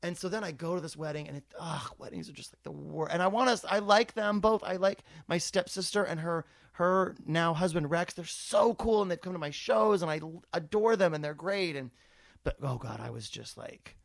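A man in his forties, a comedian co-hosting a chat, telling a story in an animated, rambling, self-deprecating way. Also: fairly high pitch, fairly quick, creaky, no echo. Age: 40s. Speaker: comedian co-host.

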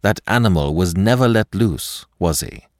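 A man playing a calm gentleman thief who speaks in a measured, grave and authoritative way, in a low voice. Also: dry recording, studio quality.

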